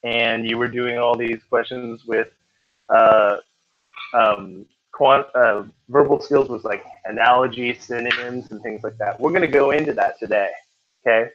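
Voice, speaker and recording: A man's voice: mid-range voice, fairly even intonation, a little slow. Joking male tutor in a dull recording. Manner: chatty, joking with students. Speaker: test-prep tutor. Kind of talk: classroom teaching. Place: classroom.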